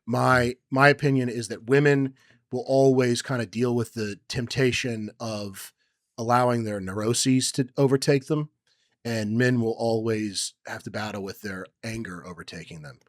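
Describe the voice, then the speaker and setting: A young man co-hosting a podcast who tells a personal story in a rambling way, with many ums, and acts out quotes loudly. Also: medium pitch, steady tone, normal speed, no room sound, studio quality. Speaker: podcast co-host. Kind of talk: casual chat, personal story.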